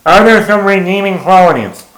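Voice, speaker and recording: A man giving a blunt, exasperated casual film review, swearing freely and now and then quoting lines in a higher voice. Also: lively intonation, normal speed, a bit bright, soft background music. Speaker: movie reviewer. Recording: echoey room.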